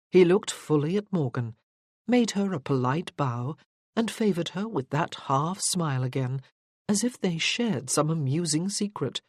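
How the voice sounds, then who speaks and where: A narrator reading a period romance novel in an even, measured way. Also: mid-range voice, no room sound, studio quality.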